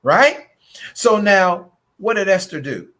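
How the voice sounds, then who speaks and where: Guy hosting a late night love chat, preachy and animated, slightly high voice. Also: takes it slowly. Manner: animated storyteller, acts out voices, greets viewers. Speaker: host, relationship coach. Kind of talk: preaching-style live chat.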